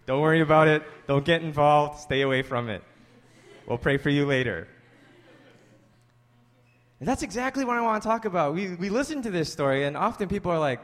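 In a large-sounding space, a pastor with a somewhat high voice delivers a brisk, conversational sermon full of stories. He weaves scripture together with playful remarks to his congregation, getting livelier and rising in tone during the jokes.

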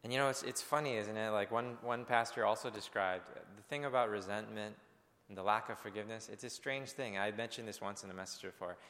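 A man's voice: fairly low pitch, fairly even intonation, fairly quick, a bit bright, big-room sound. A male pastor preaching a sermon in an earnest, conversational way, speaking directly to his congregation.

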